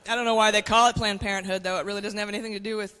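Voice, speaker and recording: A woman's voice: medium pitch, steady tone, racing, fairly bright tone, clear, resonant tone, long reverb tail. A woman in her forties performing a stand-up comedy set, brash and conspiratorial, talking straight to the crowd on a club stage with a handheld mic. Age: 40s.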